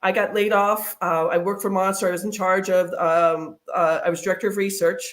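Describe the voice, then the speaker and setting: A woman's voice: mid-range voice, little pitch movement, a little fast. A woman guest in a casual interview, telling chatty stories with plenty of fillers. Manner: chatty storyteller, many fillers.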